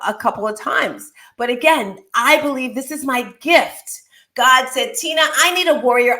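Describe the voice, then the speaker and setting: A woman's voice: mid-range voice, fairly bright tone. A middle-aged woman hosting a show, talking casually and with lots of animation, often laughing as she shares personal stories and advice. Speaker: podcast host. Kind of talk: casual motivational talk.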